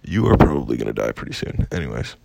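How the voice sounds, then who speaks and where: A young man venting in a casual storytime rant, profane and exasperated, with a gravelly, husky voice. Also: a bass voice, sing-song, fast talker, very noisy. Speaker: vlogger.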